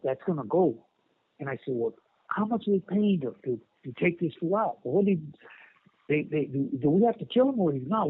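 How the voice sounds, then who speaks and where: A man's voice: fairly high pitch, husky, dry recording. A man telling a story from inside prison over a phone call, rambling in street slang with many repeated words. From California. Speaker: inmate telling his story. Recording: tinny prison phone line.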